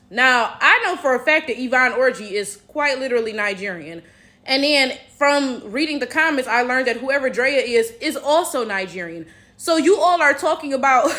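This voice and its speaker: An American woman delivers a casual commentary vlog in a high voice with a bright, sharp edge. She talks bluntly and swears freely. She peppers her points with rhetorical asides aimed at her viewers. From United States.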